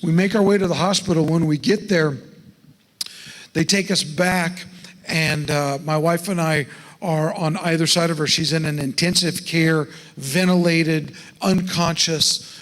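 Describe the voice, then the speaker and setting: High-voiced man talking in an echoey church. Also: fairly even intonation, measured pace, fairly bright tone. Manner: folksy, asks the audience questions. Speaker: estate planning speaker at a church. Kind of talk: folksy seminar talk to a congregation. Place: church sanctuary.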